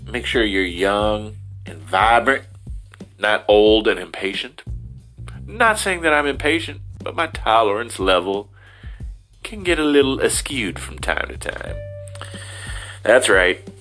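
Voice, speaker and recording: A man's voice: fairly low pitch, lively intonation, unhurried, long pauses, bright, forceful tone, soft background music. A middle-aged man from Ohio rambling in a casual, self-deprecating monologue, slipping into silly voices as he talks. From Ohio, USA. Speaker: vlogger.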